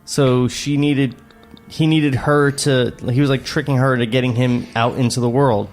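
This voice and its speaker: A man's voice: medium pitch, fairly even intonation, moderate pace, soft background music. Laughing man reading stage directions. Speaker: co-host reading a script. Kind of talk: casual table read with banter.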